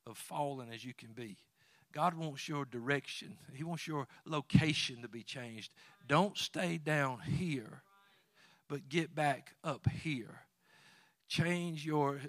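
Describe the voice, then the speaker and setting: A man preaching a sermon, quoting scripture and swinging between loud exhortation and quiet asides. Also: a little high, no echo, clean studio sound.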